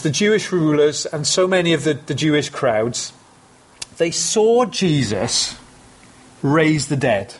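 Male preacher, slightly raised pitch, husky tone, earnest and conversational with emphatic asides. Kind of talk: sermon.

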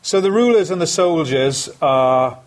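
A man's voice: on the high side, lively intonation, unhurried. A man preaching a sermon, earnest and emphatic, repeating phrases for stress.

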